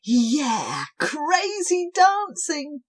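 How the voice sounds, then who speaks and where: A woman voicing a band of small, brave storybook creatures who cry out together in loud, eager voices. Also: slow pace, heavily acted. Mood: excited, sweet. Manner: loud excited cries, high and eager.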